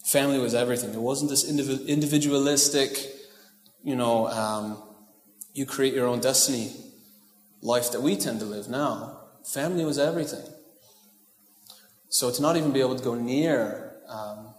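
A man's voice: mid-range voice, normal speed. Man preaching casually in an echoey hall. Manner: casual, joking asides, asks the crowd "right?". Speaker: pastor. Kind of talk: conversational sermon. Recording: echoey hall with long reverb.

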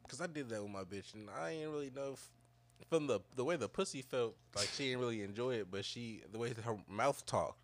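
A man with a mid-pitched voice chats loosely with his co-host. He asks blunt, crude questions and swears often, in a relaxed, offhand way. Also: a little fast. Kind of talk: casual chat.

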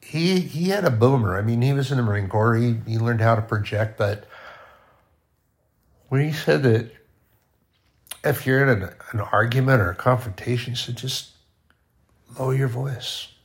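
A man giving an informal, conversational sermon, often dropping to a quiet voice. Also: medium pitch, lively intonation, moderate pace, pauses often. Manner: conversational, with sudden soft drops to near-quiet. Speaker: preacher.

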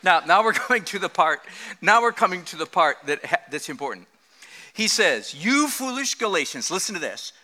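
Animated, joking man preaching. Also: sits high, normal speed. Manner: animated, joking, laughs often. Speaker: pastor. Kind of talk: sermon.

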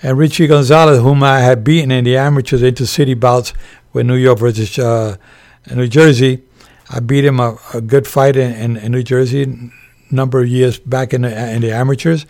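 An older man, a former boxer and referee, telling animated stories with laughter in an interview. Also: medium pitch, moderate pace. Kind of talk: storytelling in a podcast interview.

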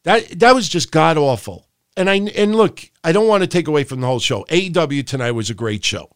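Guy on a podcast, high voice, swearing and ranting, dead dry sound. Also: a little fast, smooth, dry recording. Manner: profane, ranting, animated, mocking impressions. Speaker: podcast host. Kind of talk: ranting wrestling podcast talk.

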